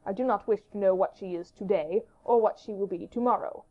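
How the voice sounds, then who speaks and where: A woman's voice: mid-range voice, brisk, close to an everyday voice. Woman voicing a commanding young king. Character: regal young male king, curious and commanding. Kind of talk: audiobook character reading. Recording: dull lo-fi audiobook recording.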